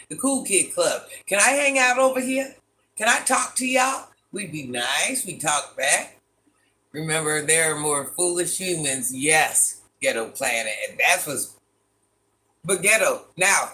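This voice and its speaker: A man hosts a casual livestream, talking straight to his chat. His voice is bright and forceful and sits a little high. He is animated and exasperated, firing off rhetorical questions and laughing often. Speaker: livestream host reading chat.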